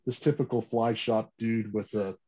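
A man telling stories about fishing rods in a casual interview, animated and full of restarts and "you know". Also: on the low side, normal speed. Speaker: fishing gear company guest. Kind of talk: casual podcast interview storytelling. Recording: slightly dull lo-fi audio.

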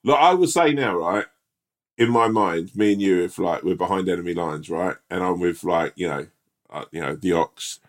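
A man's voice: deep voice, normal speed. A man co-hosting a podcast in casual chat, rambling and swearing as he spins silly stories. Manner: rambling, swears a lot, laughs at own stories. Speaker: podcast co-host.

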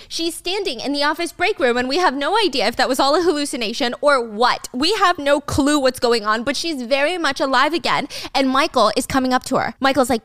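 A woman's voice: high-pitched, a bit bright, no room sound, studio quality. Chatty woman recapping a drama. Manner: chatty, blunt, swears casually. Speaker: host.

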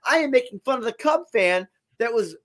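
A man's voice: extremely high pitch, expressive, brisk, fairly bright tone. A man co-hosting a casual sports podcast, talking in a heated, profane, jokey way. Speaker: podcast co-host.

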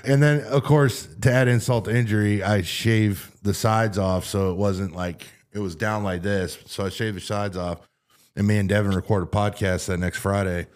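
A man's voice: on the low side, steady tone, moderate pace. A man hosting a podcast, telling crude, swearing-filled stories in casual banter. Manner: crude joking storyteller, swears freely. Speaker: podcast host.

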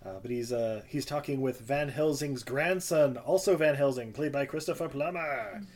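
A man's voice: mid-range voice, normal speed, darkish tone. A man co-hosting a podcast, recapping a movie in a casual, rambling way with frequent laughter. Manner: chatty, laughs often, rambling asides. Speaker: podcast co-host.

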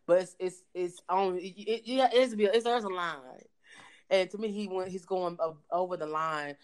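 A man's voice: high-pitched, fairly even intonation, normal speed, smooth. A man in a heated panel debate who halts and repeats words before pushing his point.

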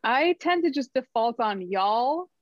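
A woman from New Jersey, a songwriter guest on a podcast, talking in a thoughtful, halting and wryly playful way. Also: high voice, expressive, dry recording. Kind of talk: casual interview chat. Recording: dull lo-fi mic.

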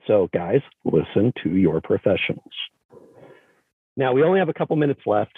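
A man's voice: on the low side, big pitch swings, normal speed, husky, no room sound. A man hosting a podcast, upbeat and joking as he hands the floor to his guest and thanks the listeners. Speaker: podcast host. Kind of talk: casual podcast chat. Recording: slightly dull, faint music behind.

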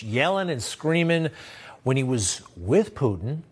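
A man's voice: medium pitch, big pitch swings, takes it slowly, breathy edge. A man hosting a news show, giving blunt, sarcastic political commentary in a conversational way. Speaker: host.

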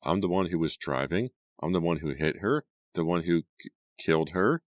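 A teenage girl weighed down by guilt, voiced by a man reading a storybook. She talks in a desperate murmur, in a very deep voice. The sound is close and dry. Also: lively intonation, moderate pace, no echo. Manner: desperate, muttering.

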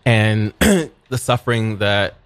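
Man, low voice, dry close sound, relaxed podcast moderator. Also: slow pace, dry recording. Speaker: guest moderator. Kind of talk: casual podcast chat.

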